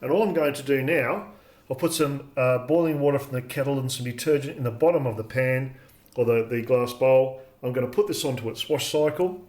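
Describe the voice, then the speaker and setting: A man giving a calm, step-by-step cooking demonstration in his home kitchen, explaining as he goes with frequent pauses and fillers. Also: mid-range voice. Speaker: home cook demonstrating a recipe.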